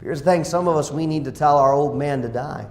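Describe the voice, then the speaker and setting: A male pastor preaching a sermon, dropping to quiet asides and rising to loud exclamations. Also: fairly high pitch, brisk. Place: church sanctuary. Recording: echoey church hall.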